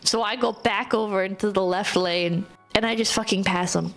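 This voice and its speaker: A woman streamer telling a story in casual live-stream talk, animated and profane, filling her speech with "like" and reading viewer messages between stories. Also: mid-range voice, moderate pace. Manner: animated, profane, ranting with frequent "like" fillers.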